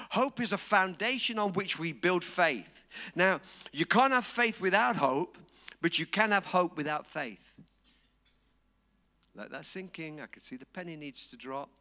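A man preaching a sermon, dramatic and storytelling, acting out quotes and rising to shouts. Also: high-pitched.

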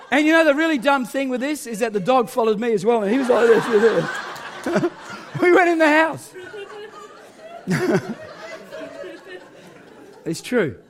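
A man's voice: extremely high pitch, noisy background. A male pastor, telling a story in a sermon with self-mocking humour and frequent laughter.

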